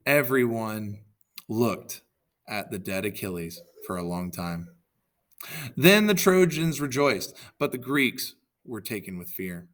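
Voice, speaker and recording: A man reads a story aloud in a relaxed, unpolished way. His voice is bright, and he stops to fix slips and toss in quick asides. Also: mid-range voice. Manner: reads with self-corrections and asides. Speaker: reader. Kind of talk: casual storybook reading aloud.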